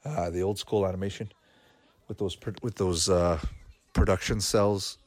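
A man's voice: deep voice, fairly even intonation, normal speed, dry recording, faint music behind. A man chatting casually while watching a cartoon, laughing often and thinking aloud with fillers. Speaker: cartoon reaction commentator. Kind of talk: casual watch-along commentary.

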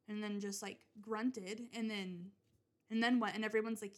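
Rambling young woman podcaster, higher voice. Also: moderate pace. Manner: rambling, swears often, many restarts and fillers. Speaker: podcast host. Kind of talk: casual solo podcast rant.

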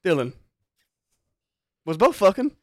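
Young guy hosting a podcast, teasing and cursing, voice jumping all over, kinda high, dry sound. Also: unhurried, no room sound. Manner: teasing, profane, animated. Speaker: podcast host. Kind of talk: casual chat.

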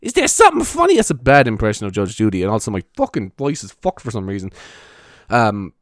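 A man's voice: on the low side, animated, brisk, dry recording, clean studio sound. A young man with a Cork Irish accent, chatting casually to camera, rambling, swearing often and laughing at himself. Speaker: vlogger. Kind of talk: casual rambling vlog chat.

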